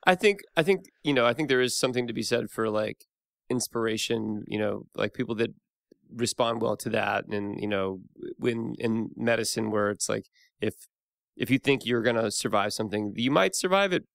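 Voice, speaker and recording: Gravelly man rambling in casual chat. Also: on the low side, normal speed, a bit bright, no room sound, clean studio sound. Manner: rambling, many restarts and fillers. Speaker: podcast guest host.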